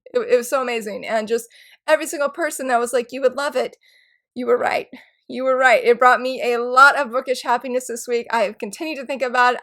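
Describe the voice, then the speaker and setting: A woman in her thirties chatting excitedly in a casual book vlog, gushing and rambling about what she loves. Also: a little high. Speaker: book YouTuber.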